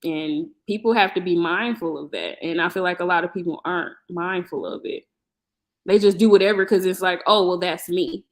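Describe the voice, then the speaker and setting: A woman's voice: on the low side, fairly quick. A woman co-hosting a podcast, talking candidly and emphatically in casual, colloquial chat. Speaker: podcast co-host.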